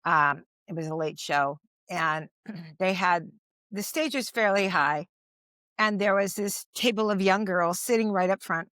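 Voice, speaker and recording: A woman's voice: medium pitch, fairly bright tone, no room sound. A woman in her sixties, a stand-up comedian, telling stories as an interview guest, rambling with many restarts and fillers. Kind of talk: casual anecdotal storytelling.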